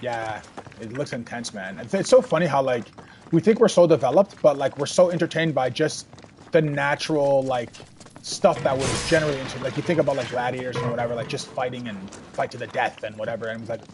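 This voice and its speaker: A man's voice: medium pitch, fairly quick, noisy background. A man giving rambling, casual commentary while playing a video game and chatting with viewers. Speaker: let's play streamer.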